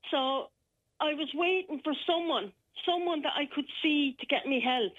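An Irish woman phoning in, telling a frightening personal account in a halting, shaken way with many restarts. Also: sits high. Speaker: caller. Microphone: telephone. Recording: muffled telephone line.

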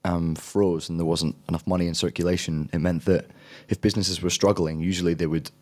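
A man's voice: deep voice, level tone, brisk, darkish tone. A young adult man, a drama student, giving thoughtful, rambling interview answers with frequent restarts.

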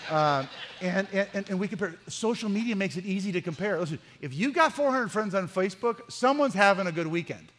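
Pastor, male, high sharp voice, animated storyteller, long echo of a church hall. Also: a little fast. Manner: animated, acts out dialogue in the stories. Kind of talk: humorous sermon storytelling.

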